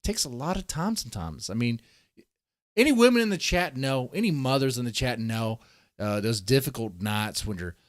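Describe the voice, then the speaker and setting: A man's voice: mid-range voice, lively intonation, moderate pace, no echo, studio quality. A man hosting a livestream, rambling in casual, profane commentary and talking straight to his chat. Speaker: livestream host.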